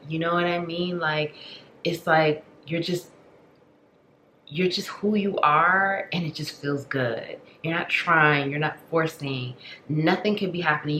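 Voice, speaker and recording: A woman with a low voice gives a spiritual tarot reading, talking in an affectionate, rambling way full of fillers. Now and then she drops into a soft whisper. She is recorded in an echoey room with steady noise behind her. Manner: affectionate, rambling, many fillers like "like" and "you know". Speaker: tarot reader.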